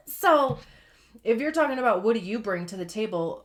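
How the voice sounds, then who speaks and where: A woman's voice: fairly high pitch, lively intonation, normal speed, pauses often. A woman giving a casual, slangy tarot reading, chatty and laughing often. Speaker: tarot reader.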